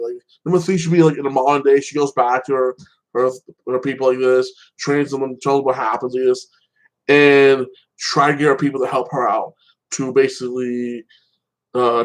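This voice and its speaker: A man's voice: medium pitch, steady tone, a little fast, poor audio. A man hosting a casual solo commentary show, rambling with many fillers and restarts. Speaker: channel host.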